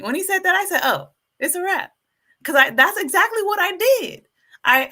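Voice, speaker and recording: A woman hosting a casual live stream, addressing her viewers as folks and getting more and more fired up as she preaches. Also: high-pitched. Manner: animated, preachy, hypes herself up. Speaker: YouTube live stream host.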